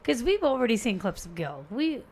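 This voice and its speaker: A woman's voice: fairly high pitch, very animated, brisk, creaky, a little mellow, breathy edge. A woman co-hosting a casual podcast, teasing and giggling.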